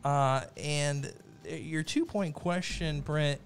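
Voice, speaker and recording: A man's voice: a little high, steady tone, slow. A man hosting a trivia game in a playful mock-formal announcer manner. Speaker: trivia game show host.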